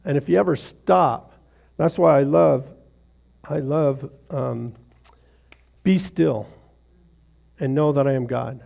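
Speaking slowly with many pauses, a man guides a small group through a casual devotional, wandering off track and downplaying himself in a chatty way. His mid-range voice is gravelly and warm.

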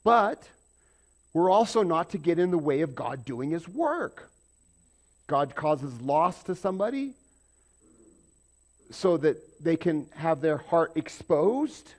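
A man preaching a conversational sermon, jumping from loud emphatic bursts to quiet asides. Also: a little high, sing-song, slow, pauses often. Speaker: pastor.

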